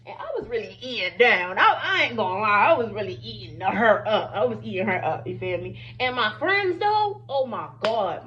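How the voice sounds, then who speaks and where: A young woman vlogger telling a storytime while doing her makeup, animated and chatty, often saying "y'all" and "you feel me". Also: mid-range voice, moderate pace, few pauses, dull audio, slight background noise.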